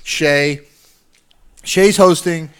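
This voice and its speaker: A man's voice: a little high, smooth. A man, co-hosting a casual podcast and telling profane backstage stories. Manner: quick profane anecdotes, laughing often. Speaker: comedian co-host.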